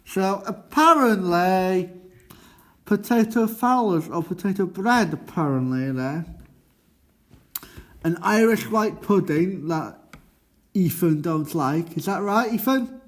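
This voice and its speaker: A man hosts a student radio show at a slow, easy pace. His voice sits fairly high, and he rambles through his notes and throws questions to classmates in the studio. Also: animated. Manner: halting, chatty, quizzes classmates in the studio. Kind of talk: casual radio chat.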